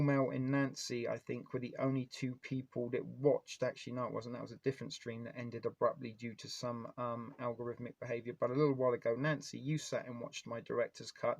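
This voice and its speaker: A man's voice: mid-range voice, vocal fry, no echo. A man hosting a casual live stream, rambling and chatty as he talks straight to his viewers. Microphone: phone.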